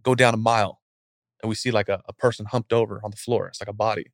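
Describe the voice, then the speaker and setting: Animated storytelling man, dry sound. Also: lowish voice, fast talker, dry recording. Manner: animated storyteller acting out scenes. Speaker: guest speaker. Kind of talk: casual motivational talk.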